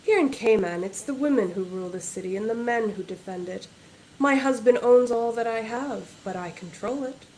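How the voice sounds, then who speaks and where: A woman's voice: on the high side, normal speed, a little mellow, a little hiss or hum, close to an everyday voice, rough recording. Woman reading as a cool, haughty noblewoman. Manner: detached, haughty. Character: cool, commanding noblewoman near forty.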